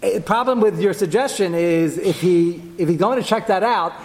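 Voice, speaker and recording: A man giving a lively Torah class to a group, jumping his pitch up to act out quoted lines. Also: normal speed, long reverb tail.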